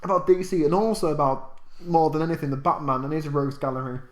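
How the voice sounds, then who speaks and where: Rambling man, slightly high, echoey room. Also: fast talker. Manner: rambling, repeats words. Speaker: co-host. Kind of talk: casual chat.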